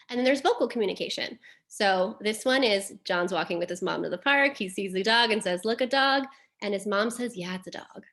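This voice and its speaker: A woman's voice: mid-range voice, fairly bright tone. A woman presenting a caregiver webinar as a behavior analyst, explaining terms plainly with frequent "um" and "like". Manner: explanatory, uses fillers like "um" and "like".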